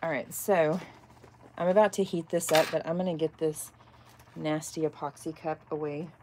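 Chatty Texan woman, low mellow voice. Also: fairly even intonation, moderate pace, a little hiss or hum. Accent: Texas, softened. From north central Texas. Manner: chatty, rambling, reacts to chat comments. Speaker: crafter making epoxy cups. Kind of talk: casual chat while crafting.

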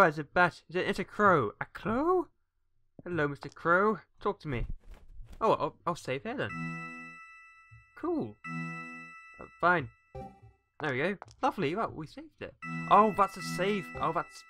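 A man's voice: fairly high pitch, a little slow, long pauses, soft background music. A young man from England with an English accent, joking and shrieking through a casual game commentary. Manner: jokey, excitable, shrieks when startled. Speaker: let's player.

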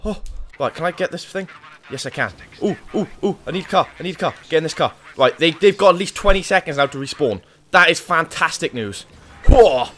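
A man's voice: fairly high pitch, fairly bright tone. A man giving live, panicky commentary on his own gameplay, swearing and talking to himself. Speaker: gaming YouTuber.

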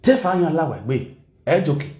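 A man's voice: on the high side, sing-song, fast, warm tone, roomy sound. A man with a Nigerian accent giving casual, mocking commentary in a rant. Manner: mocking, mixes pidgin and local languages. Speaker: online commentator.

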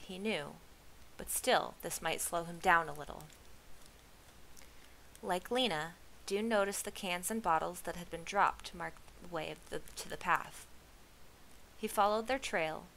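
A woman reading a novel aloud with steady, expressive storytelling. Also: on the low side, vocal fry, slight background noise, low-quality recording. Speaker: reader.

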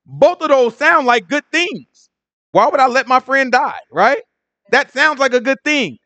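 High-voiced man teaching scripture casually. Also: measured pace, no room sound. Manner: casual slang, animated asides. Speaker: Bible teacher. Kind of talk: informal Bible teaching.

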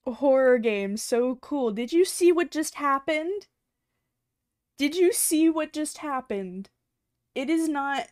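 A woman's voice: sits high, lively intonation, takes it slowly, pauses often, a little mellow, dry recording, studio quality. A woman streaming a horror game, squeamish and nervous, repeating words and laughing often through a headset mic.

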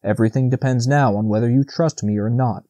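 A man voicing a wise old male stag in a storybook, speaking slowly and firmly. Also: mid-range voice, fairly even intonation, mellow, no room sound, natural voice. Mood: grave commanding. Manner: firm, slow, commanding.

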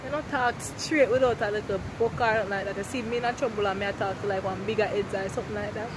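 A woman's voice: medium pitch, fairly even intonation, quick pace. A woman with a Jamaican accent chatting playfully and teasing outdoors in the rain. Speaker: vlogger. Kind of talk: casual banter. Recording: loud outdoor noise.

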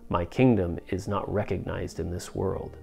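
A man voicing a calm, steady teacher figure in a dramatized scripture reading, speaking in a measured way. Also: low voice, vocal fry, soft background music.

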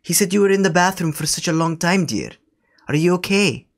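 A man's voice: high-pitched, animated, fairly quick. A man doing a fussy old grandma who calls everyone dear. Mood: scolding. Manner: says dear constantly, scolding, meandering. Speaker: scambaiter. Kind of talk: prank phone call.

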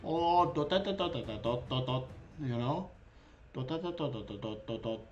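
A man's voice: mid-range voice, expressive, normal speed, darkish tone, lo-fi sound, slight background noise. A young man streaming a video game, talking in a hyped, goofy way and swearing a lot. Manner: hyped, goofy, swearing, puts on a mock leprechaun voice. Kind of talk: casual gaming stream chat.

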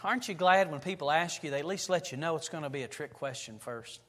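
A pastor preaching a sermon in a church, telling stories and building to loud, emphatic passages. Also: male voice, on the high side, fast. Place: church sanctuary. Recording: long reverb of a church hall.

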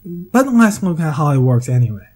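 Man, English speaker, essay narration: mellow, dry humor, hesitant fillers. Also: fairly high pitch, big pitch swings, normal speed. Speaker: video essayist. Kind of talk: scripted monologue.

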